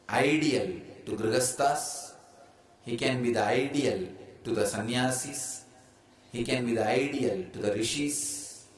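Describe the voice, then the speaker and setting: A man with an Indian English accent giving a spiritual discourse, speaking in emphatic, declarative statements. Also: mid-range voice. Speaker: spiritual teacher. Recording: echoey room with faint ambience.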